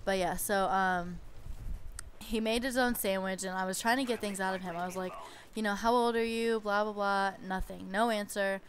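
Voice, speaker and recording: Young woman, mid-pitch, chatty exasperated storyteller, faint hiss behind. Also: steady tone, moderate pace. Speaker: babysitter telling stories. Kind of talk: casual storytime vlog.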